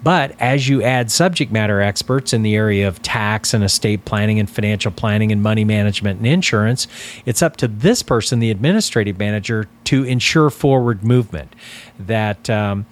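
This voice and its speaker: A man coaching financial advisors in a deliberate, instructional talk, stressing key words as he explains. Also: lowish voice.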